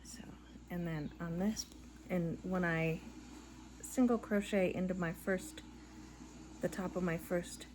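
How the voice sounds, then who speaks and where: A middle-aged woman crocheting and chatting casually at home, rambling and tired, yawning between soft laughs. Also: lowish voice, steady tone, slow, pauses often, a little hiss or hum. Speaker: crochet vlogger. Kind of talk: casual chat while crocheting. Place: living room at home. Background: faint background audio playing.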